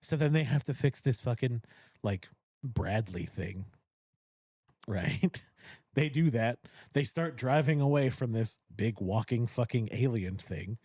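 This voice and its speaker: A man with a husky, mellow voice hosts a casual podcast chat and retells a film scene by scene. He is animated and profane and laughs easily, and his voice sounds dry and close to the mic. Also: mid-range voice, measured pace, no echo. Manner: animated storyteller, acts out characters, swears freely, laughs often. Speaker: podcast host. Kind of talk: casual chat, recapping a movie. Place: cigar lounge podcast studio.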